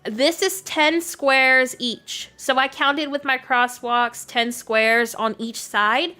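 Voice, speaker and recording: This youthful Canadian streamer speaks slowly in a high, steady, pushed, bright voice while chatting casually with her live audience and answering chat. Her speech is full of "like," and her accent is a Canadian-Southern American mix.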